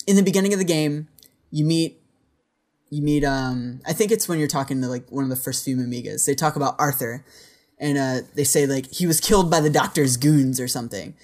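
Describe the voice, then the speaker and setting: A man co-hosting a podcast in casual chat, rambling with lots of filler words. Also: a little high. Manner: rambling, filler-heavy speech. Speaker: podcast co-host.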